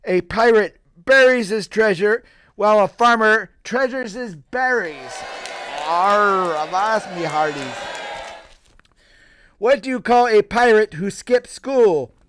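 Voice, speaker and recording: A man's voice: high-pitched, animated, slow pace, fairly bright tone, slight background noise, heavily acted. A man playing a jolly, bawdy pirate captain who cracks puns and chuckles at his own jokes with piratey growls. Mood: jokey. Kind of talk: stand-up pirate character act.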